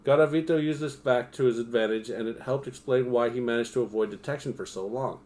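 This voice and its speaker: A man's voice: mid-range voice, fast, darkish tone. A man on a home livestream reading nonfiction aloud and breaking off into profane, self-mocking asides. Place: home streaming setup.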